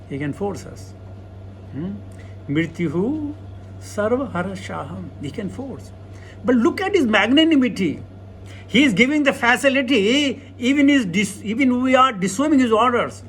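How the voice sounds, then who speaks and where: High-voiced man giving a scripture talk. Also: sing-song, normal speed, fairly bright tone, a little hiss or hum. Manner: conversational, asks the audience rhetorical questions. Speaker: spiritual teacher. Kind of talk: scripture lecture.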